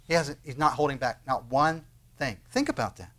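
A male pastor preaching a sermon in an animated way, asking rhetorical questions and raising his voice for emphasis. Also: mid-range voice, moderate pace.

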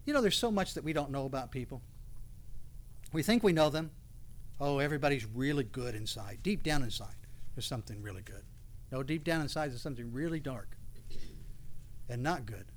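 A man's voice: mid-range voice, lively intonation, a little fast, pauses often. A man preaching a sermon, reading scripture aloud and building to passionate, raised outbursts. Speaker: pastor.

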